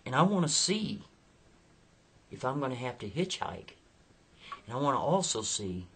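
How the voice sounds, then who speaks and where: A nervous stranded Southern woman frets and mutters to herself in a husky, hushed storybook voice, as a male storyteller puts her on. Her voice stays soft and breathy. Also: mid-range voice. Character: worried stranded Southern woman, middle-aged.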